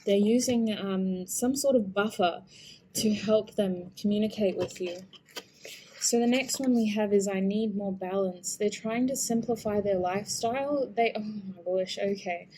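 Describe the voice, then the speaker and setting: A woman giving an intuitive tarot reading, soft-spoken, earnest and emotional, often hesitant and restarting her sentences. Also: medium pitch, a little slow, slight background noise. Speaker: tarot reader.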